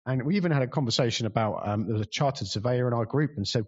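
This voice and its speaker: A man's voice: mid-range voice, rapid-fire, few pauses, a little mellow, breathy edge, highs cut off. A man telling a rambling, self-deprecating story about organizing community events, full of fillers. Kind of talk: casual storytelling talk.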